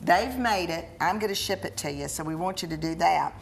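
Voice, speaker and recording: A woman's voice: lowish voice, brisk, vocal fry, a little hiss or hum. A woman hosting a cooking show in a studio kitchen, gushing with praise as she tastes and talks.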